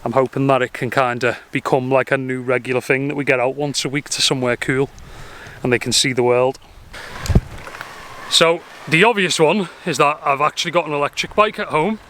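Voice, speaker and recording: A man's voice: mid-range voice, steady tone, fairly quick, pushed and bright, slight background noise. A man, vlogging casually outdoors while cycling with his dogs in a trailer and chatting to them. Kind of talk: casual vlog to camera.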